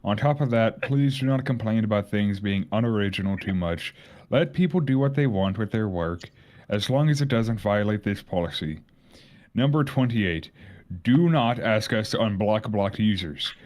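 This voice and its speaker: A lower-pitched man on a group voice call, reading a wiki's rules aloud to friends. He swears freely and stumbles into repeats when he gets worked up. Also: lively intonation, normal speed, a little mellow. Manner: profane, restless, repeats himself. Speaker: streamer reading wiki rules. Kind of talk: casual chat on a group stream.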